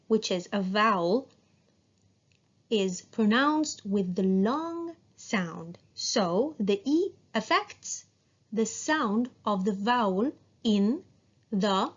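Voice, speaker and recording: A woman teaching an English phonics lesson, saying example words slowly and clearly and answering her own questions to the class. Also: mid-range voice, dull audio. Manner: slow, clear, asks the class questions and answers them herself.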